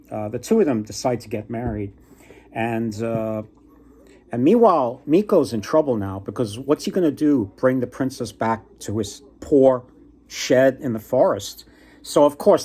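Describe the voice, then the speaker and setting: A man casually retelling a folktale on his book vlog, with a husky voice at a middling pitch. He talks in a halting way, pausing and restarting often. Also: a little mellow. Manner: halting, with many pauses and restarts. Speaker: book vlogger. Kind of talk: casual storytelling.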